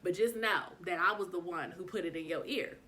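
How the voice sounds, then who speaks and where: A young woman telling a storytime vlog, frank and swearing freely, acting out every bit of dialogue with big jumps in pitch. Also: a little fast. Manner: animated retelling, acts out dialogue with pitch jumps.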